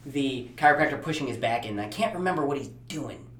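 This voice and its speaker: A man's voice: mid-range voice, quick pace, echoey room, a little hiss or hum. A man chatting casually about a movie, retelling scenes and laughing often. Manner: animated, acts out quotes, laughs often.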